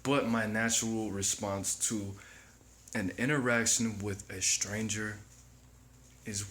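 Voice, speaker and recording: A man's voice: lowish voice, steady tone, a bit bright, slight background noise. A man hosting his own channel, giving a reflective, preachy motivational monologue to camera. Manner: slow, reflective, preachy self-help delivery. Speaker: channel host.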